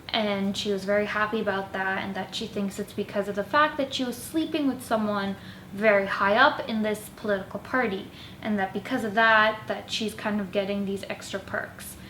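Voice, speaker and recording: A woman's voice: medium pitch, a little hiss or hum. A woman in her twenties telling roommate stories in a casual, chatty storytime style, with lots of "like" fillers. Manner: chatty, animated, many "like" fillers. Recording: echoey room.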